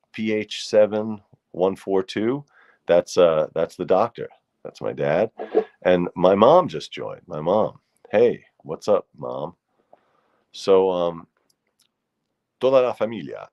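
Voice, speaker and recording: A man's voice: low voice, a little mellow, lo-fi sound. A middle-aged man hosting a casual livestream talk show, chatty and rambling as he greets viewers by name. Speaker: host.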